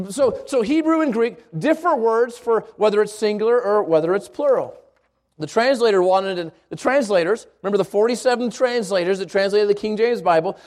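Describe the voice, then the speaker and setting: High-voiced man teaching a church Bible class. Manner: conversational, repeats himself and asks the room "right?"; restarts and stammers on words.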